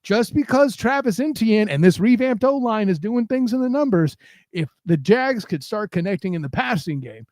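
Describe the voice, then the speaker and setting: A man co-hosting a football podcast in loose, casual chat. His voice sits high for a man, and it sounds close and dry. He rambles, stumbling over repeated words before he lands his point. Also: lively intonation, normal speed, a little mellow, dry recording. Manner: rambling, with frequent stammered restarts. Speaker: podcast co-host. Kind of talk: casual sports talk.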